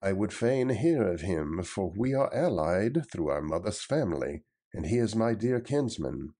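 Give me a bold, boastful tanner, read aloud by a man, husky and challenging. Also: on the low side, sing-song, a little slow. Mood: friendly. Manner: defiant, challenging delivery, raised and louder. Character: blunt, boastful male tanner, sturdy and mocking.

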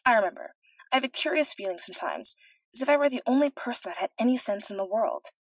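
A woman's voice: fairly high pitch, expressive, fast talker, dry recording, voice pushed up, low-quality recording. Woman doing a giddy, silly young princess. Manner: bubbly and teasing.

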